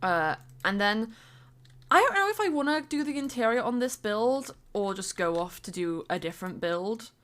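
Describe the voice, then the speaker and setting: A woman's voice: on the high side, sing-song, normal speed, fairly bright tone. A woman streamer chatting casually while she builds in a game, rambling on with fillers and bits of humming.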